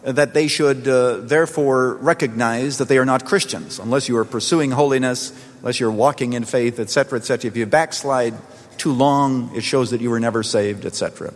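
Earnest male pastor in a reverberant hall. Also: mid-range voice. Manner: earnest storytelling, slowing for emphasis. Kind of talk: sermon. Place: church.

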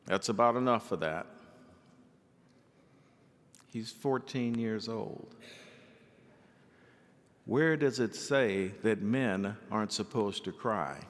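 A male pastor preaching a sermon in an animated way, acting out the people he quotes. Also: lowish voice, slow pace, pauses often, long reverb tail.

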